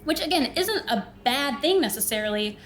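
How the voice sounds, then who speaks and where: With a high voice at normal speed and a little hiss or hum in the recording, this podcast host shares a personal story conversationally. She's a young, animated storyteller who performs the quoted voices of everyone in it.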